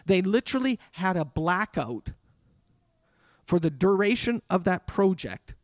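High-voiced man preaching conversationally. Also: expressive, no echo, studio quality. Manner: conversational preaching with dramatic pauses and acted quotes. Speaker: pastor. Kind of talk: sermon.

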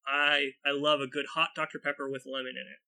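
A man's voice: fairly high pitch, flat delivery, fast talker, creaky, sharp tone. A man in casual conversation, easygoing and agreeable, talking with restarts. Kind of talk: casual chat.

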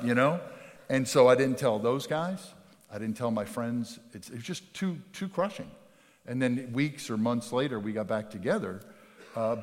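Pastor preaching in a reverberant sanctuary. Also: male voice, medium pitch. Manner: conversational, with storytelling asides and quick rhetorical questions. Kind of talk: sermon.

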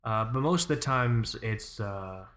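A man's voice: fairly low pitch, expressive, unhurried, a bit bright. A man hosting a casual watch podcast, rambling and cursing, with a lot of "like" and "you know.". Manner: rambling and swearing, heavy use of "like" and "you know". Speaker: podcast host and Soviet watch expert.

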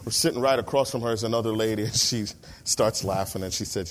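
A man in his thirties preaching a sermon as pastor, lively and emphatic, slowing down on key words and acting out the people he quotes. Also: on the low side. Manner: animated, acts out quoted voices, slows for emphasis.

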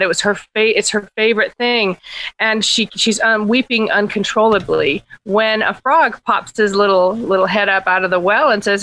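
A woman's voice: mid-range voice, fairly bright tone, low-quality recording. A woman podcast host retelling a fairy tale in a chatty way, with laughs and lots of fillers. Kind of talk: casual storytelling.

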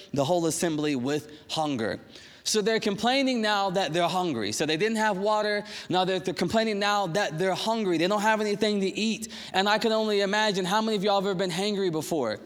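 A young male pastor with a high voice preaches a casual sermon in a church. He tells personal stories in a conversational, animated way and drops in quick asides. His voice rings through a reverberant church hall.

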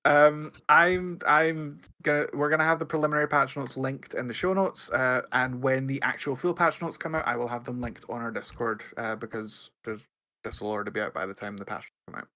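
A man co-hosting a gaming podcast, chatting casually and quickly, often laughing. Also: medium pitch, fairly even intonation, pushed and bright. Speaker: podcast co-host.

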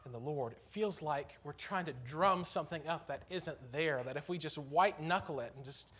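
Earnest male preacher with a higher voice. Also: moderate pace, a bit bright, husky. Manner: earnest, conversational preaching with emphatic rises. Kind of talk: sermon. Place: church.

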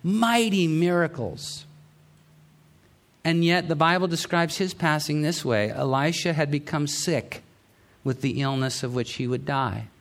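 A man's voice: a little high, a little slow. A middle-aged male pastor giving a sermon in a conversational, storytelling way, often restarting his sentences.

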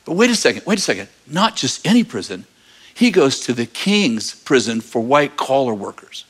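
A man preaching a lively sermon, retelling a story with jokes and acted-out voices. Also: on the high side, normal speed, slightly rough. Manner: animated, acts out voices, jokey asides. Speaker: pastor.

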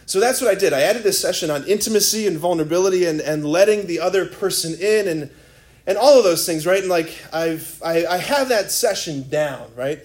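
A man's voice: high-pitched, fairly quick, darkish tone. A man preaching a sermon as a priest, telling a story in a casual, rambling way full of "like" and "right?". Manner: conversational storytelling, filler-heavy. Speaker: Catholic priest.

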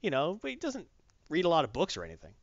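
A rambling, animated man with a raised, lively voice, chatting casually as a comics host. The recording is dry and slightly dull. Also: on the high side, fast talker, no echo. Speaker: podcast host. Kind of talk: casual comic review chat.

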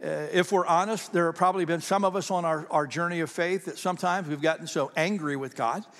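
Guy preaching in a church, high voice, lots of hall reverb, chatty, keeps repeating words. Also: fast talker, fairly bright tone. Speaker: pastor. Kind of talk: sermon. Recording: long reverb of a large hall.

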